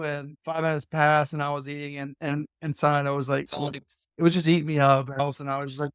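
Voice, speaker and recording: Animated man telling a story, dry sound. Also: fairly high pitch, fast talker, clear, resonant tone, no room sound. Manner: animated storyteller, playful and self-deprecating. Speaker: podcast guest, former college football player. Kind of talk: casual anecdote-telling.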